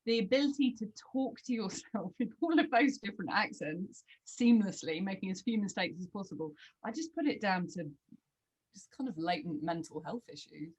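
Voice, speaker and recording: A woman's voice: medium pitch, lively intonation, normal speed, darkish tone, slightly rough, poor audio. A woman audiobook narrator on a panel, speaking with wry, self-mocking humor. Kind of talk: panel discussion.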